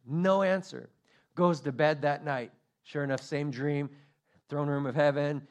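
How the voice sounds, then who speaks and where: A man preaching a sermon from the pulpit, his voice sitting a little higher than most men's. He tells his story with animated energy and acts out the quotes he gives. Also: measured pace. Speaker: pastor.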